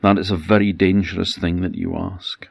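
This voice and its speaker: A man with an Orkney Scottish accent voicing a gentle, caring fairy queen who speaks soft, earnest warnings. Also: low voice, flat delivery, moderate pace, gravelly, breathy edge, no room sound, studio quality, exaggerated voice.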